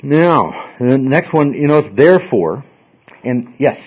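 A man's voice: mid-range voice, animated, measured pace. Male teacher mid-lecture in a classroom, patient explainer, slightly dull lo-fi recording. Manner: explains step by step, checks in with frequent "okay?". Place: classroom with students.

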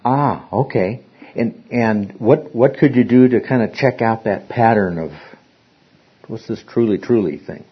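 A man's voice: on the low side, measured pace, slightly rough. A man teaching an interactive Bible study, rambling and often repeating words as he restarts his sentences. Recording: dull lo-fi recording.

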